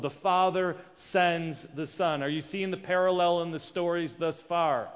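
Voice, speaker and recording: A man's voice: a little high, unhurried, hardly any pauses. Preacher man in a big echoing hall. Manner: acts out quoted characters with sudden loud and hushed voices. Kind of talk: sermon. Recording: dull sound with long reverb of a large hall.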